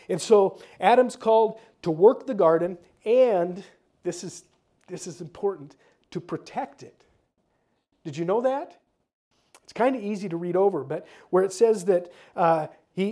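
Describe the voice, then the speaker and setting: Guy pastor preaching, kinda high voice but mellow, chatty with asides. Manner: conversational preaching with asides and repeated words. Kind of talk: sermon.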